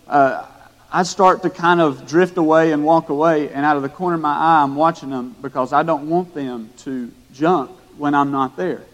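Man telling a story to a church hall. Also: a little high. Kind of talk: storytelling sermon. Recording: echoey hall.

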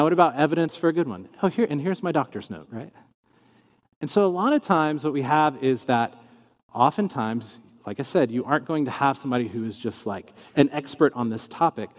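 A man teaching in a casual talk, acting out the questions he quotes. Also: mid-range voice. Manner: animated, acts out quoted questions in shifting tones. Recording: long reverb in a large room.

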